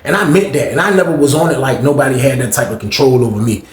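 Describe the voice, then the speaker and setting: A man's voice: medium pitch, fast. A man telling a profane story casually, acting out the scene in an echoey room. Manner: animated, profane, acts out the scene.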